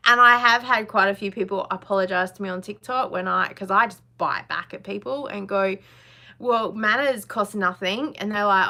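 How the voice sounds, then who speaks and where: A woman's voice: medium pitch, brisk, pushed and bright. A woman, hosting a casual live chat, chatty and blunt, laughing often. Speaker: live stream host.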